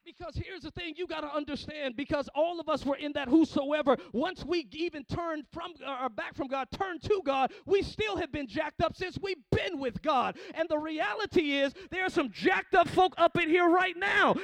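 Male pastor, very high gravelly voice, dry close sound, sermon with call-and-response. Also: normal speed, few pauses, no echo. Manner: preaching with call-and-response, swinging from hushed to shouting.

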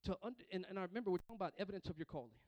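A man's voice: high-pitched, very fast, darkish tone, no room sound. A man preaching a sermon as pastor, calling for responses from the congregation and often repeating words and restarting lines as he goes.

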